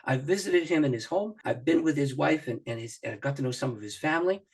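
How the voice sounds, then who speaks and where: A man's voice: on the high side, fast talker, breathy edge. A middle-aged man, a pastor and author, telling personal stories as an interview guest, acting out his own thoughts and laughing often. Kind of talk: animated personal storytelling in an interview.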